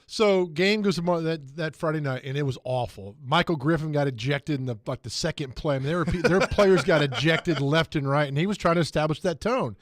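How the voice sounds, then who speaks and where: A man hosting sports talk radio, telling animated anecdotes and laughing as he goes. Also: fairly high pitch, brisk, few pauses, dry recording, studio quality. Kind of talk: casual sports talk storytelling.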